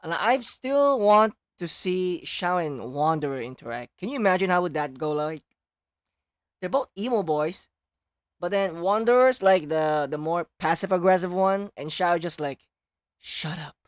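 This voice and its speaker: A woman streaming her reaction to a game, jokey and animated, swinging between shouts and near-whispers as her voice wears out. Her pitch roams widely, heard close on a dry mic. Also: moderate pace, dry recording. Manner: animated, jokey, loud then hushed. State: losing her voice.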